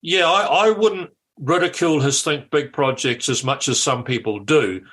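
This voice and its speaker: An older man tells stories from his political career as a guest on a radio show. His voice is bright and forceful, and he is lively and quick to restart his sentences. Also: fairly high pitch. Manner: lively storyteller, repeats words at starts. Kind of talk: anecdotal interview chat.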